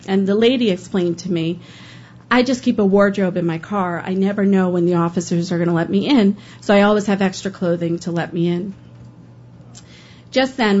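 A woman of middle pitch tells an earnest first-person story, voicing the people in it as she goes. The recording is a little dull and lo-fi, with a faint hiss underneath. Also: darkish tone. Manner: earnest, emotional, quoting others in dialogue. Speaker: public defender telling a personal story.

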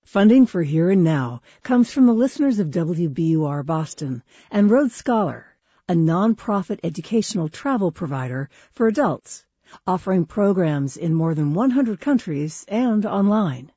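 A woman announcer reading funding credits for a radio program in a measured delivery. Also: fairly low pitch, expressive, warm tone, breathy edge, dry recording. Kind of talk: scripted sponsor reading. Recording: slightly muffled broadcast audio.

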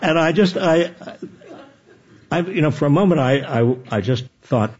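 Older man, lively husky storyteller. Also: a little high, moderate pace, muffled recording. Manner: animated, self-deprecating anecdotes with frequent restarts. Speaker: guest author. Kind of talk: conversational storytelling.

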